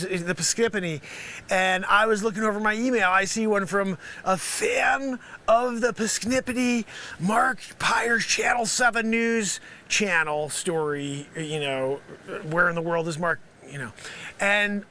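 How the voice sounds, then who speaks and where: A man's voice: high-pitched, pushed and bright, a little hiss or hum. A man hosting a live stream, riffing through an improvised comedy bit as a street reporter with rambling, teasing asides. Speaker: live-stream variety host.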